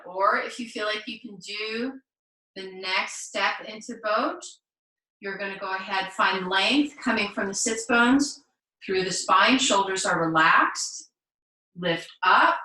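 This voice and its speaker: A woman teaching a live online yoga class, cueing poses gently and encouragingly with playful asides. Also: medium pitch, takes it slowly, roomy sound, distant mic, poor audio. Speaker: yoga instructor. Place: home room, on a video call.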